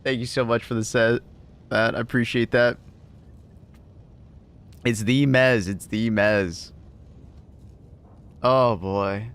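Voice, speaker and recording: A man's voice: mid-range voice, steady tone, slow, long pauses, fairly bright tone, smooth. A man hosting a livestream in casual chat, laughing often and swearing loosely as he reads messages.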